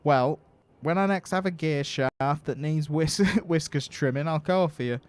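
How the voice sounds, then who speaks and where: A man voicing a gruff, irritable but kind woman mechanic in a game, with a put-on Yorkshire accent and a loud, blunt, grumbling manner. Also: on the high side, measured pace, natural voice.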